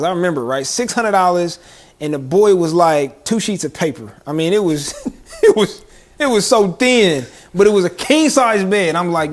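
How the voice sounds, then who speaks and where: A young man co-hosting a podcast, his voice sitting a little high. He tells a story in animated, slangy chat and laughs often along the way. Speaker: podcast co-host.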